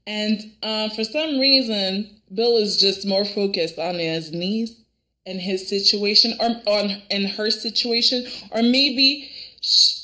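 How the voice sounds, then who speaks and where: A woman giving a casual, animated reaction review of a soap opera, talking straight to her viewers with exasperation. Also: medium pitch, takes it slowly.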